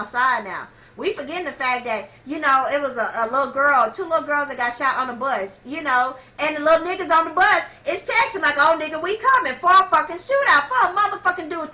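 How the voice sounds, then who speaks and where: A woman with a high, bright voice vents to camera in a heated vlog rant. She is blunt and heavily profane and hammers her points by repeating them. She keeps calling out to her viewers directly. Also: poor audio. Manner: talks straight to viewers, calls them y'all. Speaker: vlogger. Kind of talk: impassioned opinion rant to camera.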